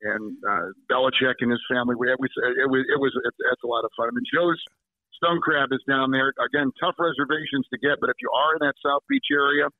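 A man's voice: medium pitch, quick pace, no echo. A man calling in as a guest, chatting casually with lots of restarts and fillers. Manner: rambling, warm storyteller with many restarts. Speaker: guest sportscaster. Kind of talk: casual chat by phone. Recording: tinny phone line.

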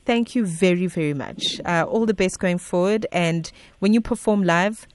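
A woman's voice: lowish voice, normal speed, a little mellow, no echo. A woman hosting a radio interview, effusive and smiling as she talks. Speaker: radio host.

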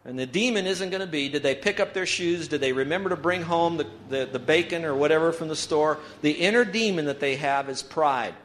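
A man's voice: fairly high pitch, a little fast, few pauses, fairly bright tone, a little hiss or hum. A pastor giving an emphatic sermon, leading his congregation in reading aloud together. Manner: emphatic preaching, leads the congregation in call-and-response reading. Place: church sanctuary.

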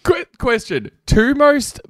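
A young man, co-hosting a podcast with animated, jokey banter. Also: very high-pitched, no echo, studio quality. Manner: animated, jokey, quick to laugh. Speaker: podcast co-host. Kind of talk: casual chat.

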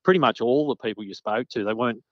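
In a fast mid-range voice, a man appearing as a guest journalist rambles through memories of interviews, full of fillers and restarts. The casual chat has no echo and a dull, lo-fi quality.

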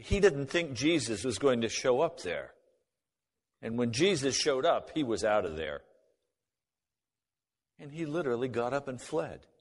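A man of middle pitch tells a personal testimony, voicing both sides of old conversations. His voice carries a long reverb, as if recorded in a large hall. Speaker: speaker giving a personal testimony. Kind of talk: spoken testimony storytelling.

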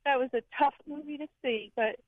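A woman caller from Florida comes through a thin, tinny phone line, her voice sitting a bit high. She is a little out of breath. She speaks earnestly, pausing with fillers. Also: dry recording. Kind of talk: call-in radio chat.

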